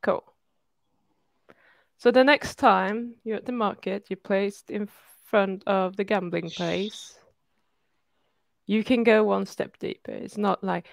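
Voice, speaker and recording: Woman coach on a video call, croaky voice, probing questions, no room echo at all. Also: mid-range voice, steady tone, measured pace, pauses often, studio quality. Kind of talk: live online coaching session.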